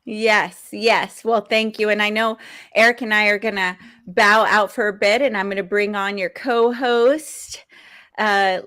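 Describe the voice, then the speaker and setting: A woman hosting an online summit on a video call, effusive and quick to laugh and praise. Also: mid-range voice, steady tone, pushed and bright. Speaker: event host. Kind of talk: upbeat livestream hosting.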